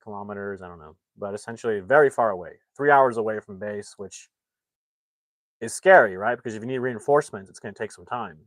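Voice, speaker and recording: A man's voice: on the low side, a little fast, dry recording. A young man casually recapping a film's plot, rambling with frequent restarts and loosely acting out the characters' lines. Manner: rambling, many restarts, acts out quotes loosely. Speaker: movie reviewer.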